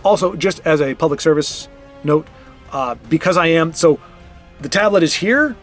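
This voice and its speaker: A rambling, chatty man narrates his card game in casual stream commentary, his voice sitting a bit high. He scolds his opponent with playful mock outrage. Faint game music plays underneath. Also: normal speed, fairly bright tone.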